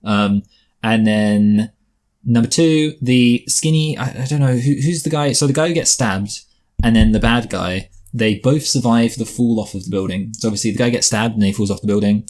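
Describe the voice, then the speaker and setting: A man's voice: mid-range voice, moderate pace, a little mellow. A man co-hosting a podcast movie review, talking in a rambling, jokey way that trails off and restarts. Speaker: podcast co-host. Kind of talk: casual chat.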